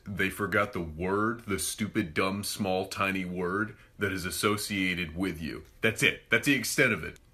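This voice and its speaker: A man's voice: on the low side, bright, forceful tone. Sarcastic young man ranting. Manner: sarcastic, exasperated ranting with mocking put-on voices. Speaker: comedy vine creator. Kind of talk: comedic rant monologue.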